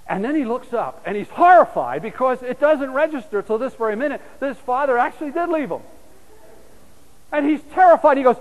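High-voiced preacher in a reverberant hall. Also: male voice, very animated, a little fast, highs cut off. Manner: storytelling, swings from loud to hushed. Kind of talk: sermon.

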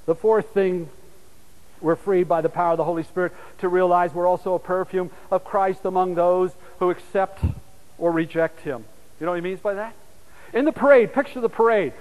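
A man delivering a sermon in a fairly high voice, storytelling with big swings between loud, urgent calls and hushed, soft asides. His words ring out with a long reverb, as if in a large church hall. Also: fairly quick. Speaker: preacher.

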